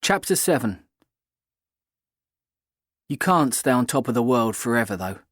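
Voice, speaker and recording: Male narrator, mid pitch, dry close reading, steady storytelling. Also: measured pace, no echo. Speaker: audiobook narrator. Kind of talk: scripted first-person narration.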